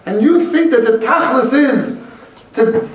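A man's voice: very high voice, lively intonation, a little slow, pitched above the performer's own voice. A man voicing an earnest old rabbi who rebukes a rich man with fervent, pressing rhetorical questions. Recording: very echoey room, mic far off.

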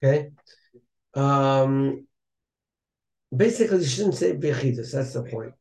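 A man's voice: mid-range voice, lively intonation, unhurried, gravelly, darkish tone. Man teaching a study class, echoey room. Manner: chants Hebrew passages in Ashkenazi pronunciation, then explains them in English. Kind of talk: casual study-class explanation.

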